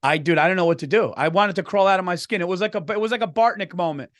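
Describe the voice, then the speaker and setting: A man co-hosting a casual comedy podcast in a fairly high voice, recorded close and dry. He rambles through anecdotes and keeps saying "dude.". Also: very fast, a bit bright, dry recording. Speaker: podcast co-host.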